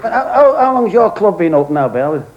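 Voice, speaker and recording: A man with a high, bouncing voice tells jokes on a club stage, chatting with the audience between punchlines. The crowd noise is heavy. The sound is dull and hissy, like an old videotape. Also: big pitch swings, normal speed. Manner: chatty joke-telling with asides to the audience. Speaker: stand-up comedian. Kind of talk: stand-up routine.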